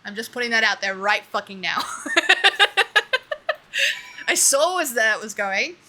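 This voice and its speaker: A woman's voice: mid-range voice, expressive, a little slow, sharp tone. A young adult woman streaming a video game, chatting casually with her viewers, laughing often and swearing freely. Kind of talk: casual gaming livestream chat. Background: faint game music.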